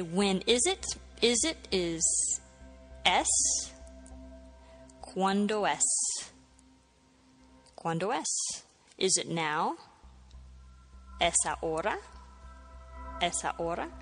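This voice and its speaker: A woman's voice: lowish voice, fairly bright tone. A woman teaching a Spanish lesson, patiently repeating phrases and spelling words out letter by letter. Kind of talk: language lesson.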